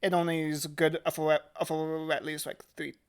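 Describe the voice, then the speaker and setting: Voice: medium pitch, little pitch movement, normal speed, clear, resonant tone. A tabletop game player who talks hesitantly, with many fillers and restarts, and who is precise about the rules. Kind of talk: casual tabletop play.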